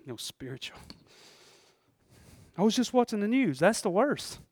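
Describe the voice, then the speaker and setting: A man preaching a sermon in a fervent, folksy way, moving between loud outbursts and hushed asides and chuckling often. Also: sits high, very animated, unhurried, breathy edge, no room sound, clean studio sound.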